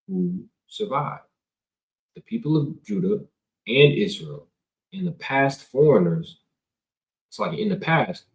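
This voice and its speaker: A man's voice: on the high side, gravelly. A man teaching from the Bible in a loose, slangy, conversational way, reading scripture and then riffing on it, filmed on a camera indoors. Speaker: preacher. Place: indoors, filming himself on camera. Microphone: camera mic. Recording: roomy echo.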